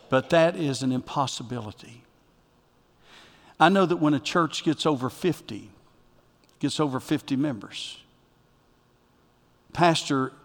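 A man preaching a sermon as pastor, with emphatic delivery that swings from loud bursts to quiet asides. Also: mid-range voice. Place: church sanctuary. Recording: long reverb of a church hall.

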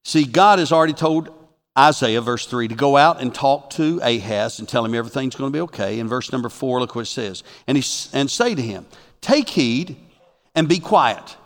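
A man preaching a sermon as a pastor, animated and swinging from loud to hushed. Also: medium pitch, fairly quick, in a large hall.

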